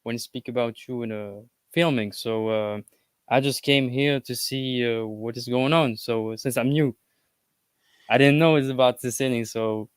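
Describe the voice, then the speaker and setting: A friendly man from France with a French accent speaks as a fan on a dry video call, his voice at a middle pitch. His English is hesitant and halting, since French is his first language. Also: steady tone, clean tone, no room sound. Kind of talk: casual conversation.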